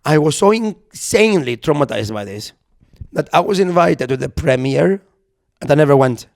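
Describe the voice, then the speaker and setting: A young man holds the floor on a casual podcast, a touch high in pitch. He tells his story with gusto, acting out each quoted voice and dropping the odd swear word. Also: moderate pace, gravelly. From Europe. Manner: animated storyteller who acts out quotes, swears. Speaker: podcast co-host. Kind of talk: casual chat, anecdote.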